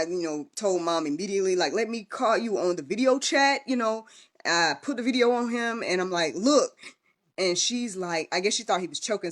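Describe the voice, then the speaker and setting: A young woman telling a personal story in a casual livestream, chatty and full of fillers and restarts. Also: on the low side. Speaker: vlogger and podcast host.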